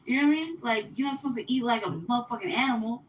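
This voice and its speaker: A woman telling a story in casual chat, animated and profane, acting out what people said. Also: on the high side, quick pace, distant mic, slight background noise, rough recording.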